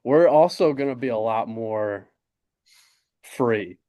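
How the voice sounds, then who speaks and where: A young man in his twenties co-hosting a casual sports podcast, excited and rambling with lots of fillers. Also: medium pitch, takes it slowly, no room sound, studio quality. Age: 20s. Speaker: podcast co-host. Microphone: desk podcast mic.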